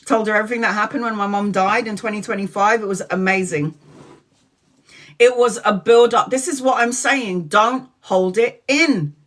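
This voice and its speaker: A woman's voice: medium pitch, normal speed, a bit bright. A woman hosting a tarot live stream, telling stories casually and bluntly, swearing freely, laughing often and acting out the dialogue.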